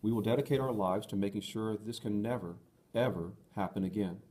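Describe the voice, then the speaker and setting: A man's voice: fairly low pitch, brisk, lightly acted. Rosa, a man reading as an earnest young woman. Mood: firm. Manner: earnest, gentle. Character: young woman, tender and resolute.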